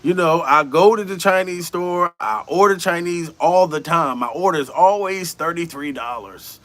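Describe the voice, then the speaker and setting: A man with a bright, forceful voice that sits somewhat high delivers a comic rant. He swears freely, sounds incredulous and keeps breaking into laughter as he riffs. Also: normal speed, no echo. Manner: animated, incredulous, laughs often, heavy swearing. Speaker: comedian commentator. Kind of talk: profane comedic rant.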